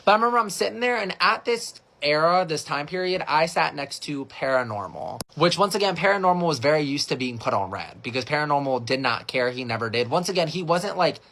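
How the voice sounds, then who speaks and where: A young man telling a casual storytime, animated and filler-heavy, jumping into high voices when he quotes people. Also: fairly quick, few pauses. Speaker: storytime creator.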